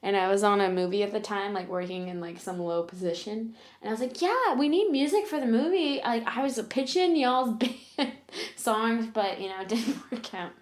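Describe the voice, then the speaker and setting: A woman's voice: mid-range voice, fairly even intonation, moderate pace. Chatty young woman in an echoey room. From Virginia, USA. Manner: chatty, rambling storyteller who teases back. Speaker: podcast co-host. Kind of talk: casual chat. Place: room at home. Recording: roomy echo.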